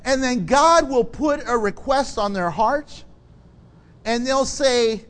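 A man preaching a sermon, animated and laughing often, acting out the people in his story. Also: extremely high pitch, takes it slowly. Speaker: pastor.

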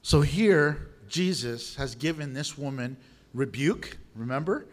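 A middle-aged male pastor with a high-pitched voice, preaching with energy and humor. He slips into quoted voices and playful asides as he teaches. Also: lively intonation, measured pace. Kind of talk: sermon.

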